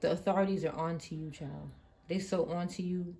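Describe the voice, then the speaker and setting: A woman's voice: lowish voice, fairly even intonation, a little fast, creaky. A woman doing a tarot reading in an emphatic, swearing, impassioned manner. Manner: emphatic, swears often, swings from quiet to loud outbursts. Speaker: tarot reader. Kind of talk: live tarot reading monologue.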